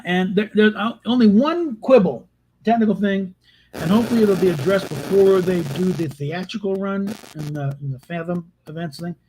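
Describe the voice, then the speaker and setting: A man's voice: a little high, a little mellow, slight background noise, poor audio. A man giving casual, rambling spoken commentary on a film, with frequent restarts and exasperated asides. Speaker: video host reviewing a film.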